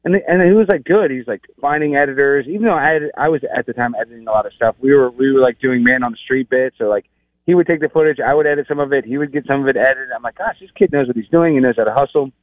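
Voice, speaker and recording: A man's voice: medium pitch, very fast, dry recording. A man telling a rambling, exasperated story in casual chat, with many restarts. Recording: tinny phone line.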